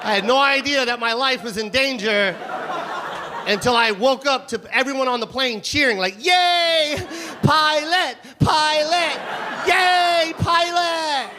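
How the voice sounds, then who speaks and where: A male stand-up comedian performing a loud, animated, profane routine on stage. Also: extremely high pitch, normal speed. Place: comedy venue stage before a live audience. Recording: live stage recording with crowd laughter and noise.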